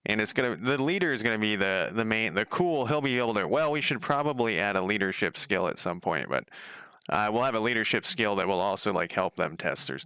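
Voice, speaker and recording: A man's voice: deep voice, gravelly, bright, forceful tone, clean tone, dry recording, studio quality. A man coding a game on a casual livestream, thinking aloud, rambling, swearing casually and chatting with viewers.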